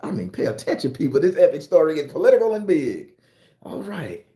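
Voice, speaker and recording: A man with a fairly high, fairly quick voice tells a profane story in a roomy-sounding space. As an online storyteller and tarot reader, he lectures his viewers in a casual monologue, animated and emphatic, swearing freely.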